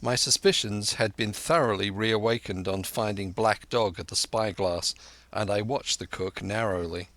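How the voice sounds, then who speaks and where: A man's voice: on the low side, normal speed, a bit bright, no room sound. A man narrating an audiobook in a first-person storytelling voice.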